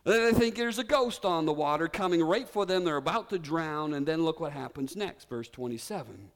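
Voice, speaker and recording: A man's voice: a little high, normal speed. A man preaching a sermon, telling a story with drama and leading the congregation to repeat words together. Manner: animated storytelling preacher, leads congregation in call-and-response. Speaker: pastor. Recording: reverberant hall.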